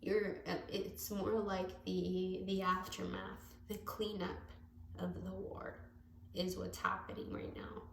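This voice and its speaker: Slow, gravelly-voiced woman tarot reader. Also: on the low side, level tone. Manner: rambling, self-correcting, affectionate. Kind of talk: casual tarot reading to camera. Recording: echoey room with faint background noise.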